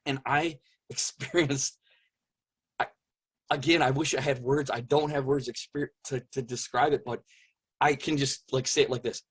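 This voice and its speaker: Earnest husky man groping for words. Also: mid-range voice, fairly even intonation. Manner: earnest, halting, searching for words. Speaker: interview guest. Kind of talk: personal testimony in conversation.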